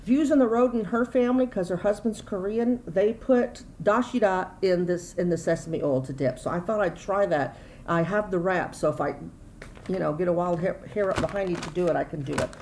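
A woman's voice: on the low side, fairly quick, darkish tone, slight background noise, rough recording. A middle-aged woman, chatting casually and rambling through a grocery haul at home. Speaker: YouTube vlogger.

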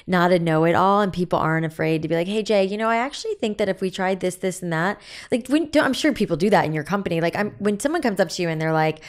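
A woman's voice: lowish voice, fast talker. A woman in her forties speaking candidly as a podcast guest, telling stories animatedly and acting out quoted dialogue. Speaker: guest, business founder.

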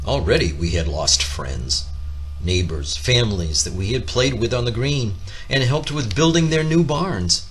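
A man reading a children's picture book aloud, expressive and lifting his voice for the characters' lines. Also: unhurried. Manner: expressive, voicing characters with raised pitch. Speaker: storybook reader.

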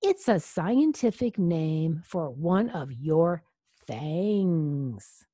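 A woman voicing a calm, kind female dentist who speaks soothingly in a storybook reading. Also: deep voice, extremely slow, dry recording, clean studio sound, exaggerated voice. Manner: soothing, gentle.

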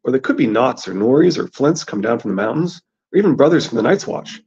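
Man plays frightened proud boy prince, raised pitch, lively delivery. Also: fast, close to an everyday voice. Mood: anxious. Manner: lightly raised boyish voice. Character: crippled boy prince, scared but proud. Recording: dull lo-fi recording.

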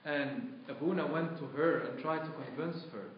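A man's voice: mid-range voice, normal speed, few pauses, very echoey, highs cut off, slight background noise. A man preaching a live church sermon, telling a story earnestly with quoted dialogue and emphatic repetition, recorded on a tablet in a church sanctuary. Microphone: tablet recording from the congregation.

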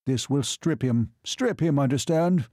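A man voicing an aging male transport magnate in an audiobook, croaking and agitated, repeating himself. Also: mid-range voice, measured pace, a little mellow, no room sound, clean studio sound, close to an everyday voice.

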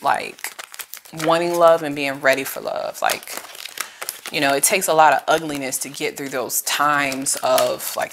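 A woman with a low voice gives a casual tarot reading, talking straight to her viewer. She is chatty and emotional and uses plenty of slang. A faint hiss runs under the recording. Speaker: tarot reader.

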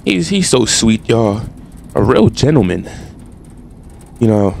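A man's voice: mid-range voice, slow pace, gravelly, slight background noise. A young man doing casual, trash-talking commentary while playing a game. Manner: animated, trash-talking, slangy. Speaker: gaming streamer.

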